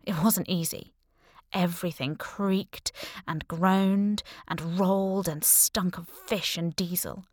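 Audiobook narrator, woman, lower register, dry close sound, deadpan humor. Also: takes it slowly, no room sound. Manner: wry, deadpan humor with hushed asides. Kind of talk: first-person audiobook narration.

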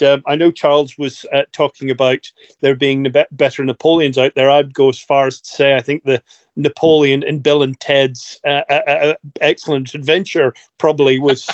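A man's voice: fairly high pitch, no echo, dull audio. Hesitant man full of fillers. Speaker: podcast contributor. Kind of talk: casual chat.

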